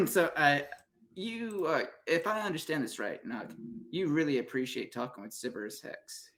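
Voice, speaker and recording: A man's voice: on the high side, moderate pace, a bit bright. A man hosting a casual panel stream, joking and laughing easily with the guests. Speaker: stream host.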